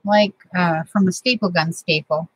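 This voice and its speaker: A woman's voice: on the low side, steady tone, moderate pace, a little hiss or hum, rough recording. A middle-aged woman, chatting casually and sentimentally as host of a crafting vlog from her home craft room.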